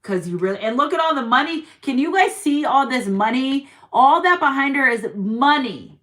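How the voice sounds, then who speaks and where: A woman's voice: sits high, animated, moderate pace, a bit bright. A woman doing a tarot reading for her viewers, encouraging them with repeated affirmations and quoting scripture. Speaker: tarot reader. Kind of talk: spiritual reading monologue.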